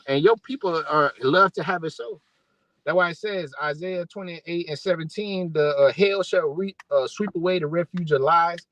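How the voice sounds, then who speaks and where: High-voiced man in a profane rant. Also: no echo, low-quality recording. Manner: profane, repetitive, many fillers and restarts. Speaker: online preacher. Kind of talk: angry religious rant to camera.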